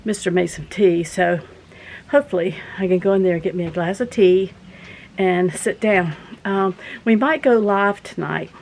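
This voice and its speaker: A woman's voice: on the low side, moderate pace, vocal fry, a little mellow, a little hiss or hum, rough recording. A woman, chatting casually to her viewers in a folksy, rambling, earnest way. She is out of breath after walking in from her garden outdoors. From southern United States. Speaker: vlogger host.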